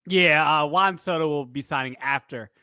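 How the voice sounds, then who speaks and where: A man's voice: on the high side, normal speed, sharp tone, clear, resonant tone, no room sound, studio quality. A man co-hosting a casual sports podcast. He rambles, cracks jokes and corrects himself mid-sentence, and he talks while eating a snack. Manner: rambling, joking, self-correcting. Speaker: podcast co-host.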